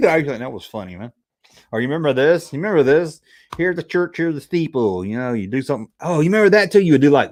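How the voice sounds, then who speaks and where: This YouTube host talks fast in a medium-pitched male voice while running a relaxed livestream. He reads through live chat, jokes around, and tells animated stories in a chatty way. Sleepiness shows in his occasional yawns.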